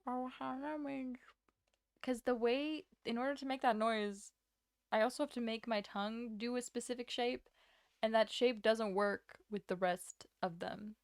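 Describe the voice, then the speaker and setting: A woman's voice: a little high, normal speed, no echo. A woman in her twenties chatting casually on a livestream, rambling and self-deprecating, with frequent laughs. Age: 20s. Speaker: streamer.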